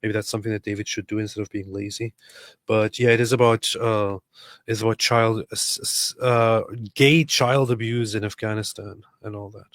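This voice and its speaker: A man's voice: on the low side, fairly even intonation, moderate pace, a bit bright, no room sound. A man co-hosting a casual livestream, reading out chat messages with dry sarcasm. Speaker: livestream co-host.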